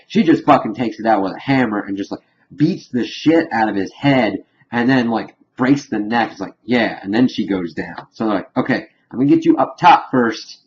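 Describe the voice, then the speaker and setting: Rambling low-voiced man recapping a show. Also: highs cut off, a little hiss or hum. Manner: rambling, filler-heavy, profane. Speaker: TV episode reviewer. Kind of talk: casual spoiler recap.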